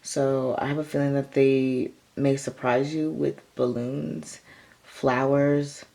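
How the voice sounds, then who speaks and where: A woman's voice: extremely low pitch, level tone, slow, gravelly, warm tone. A woman giving a casual, rambling tarot reading, full of "like" and "um". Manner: rambling, filler-heavy, lots of "like" and "um". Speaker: tarot reader.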